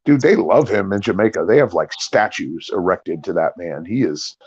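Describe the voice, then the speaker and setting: A man's voice: low voice, normal speed, breathy edge. A middle-aged American man hosting a livestream, chatting in a loose, profane, rambling way. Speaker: livestream host. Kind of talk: casual chat. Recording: dull lo-fi stream audio.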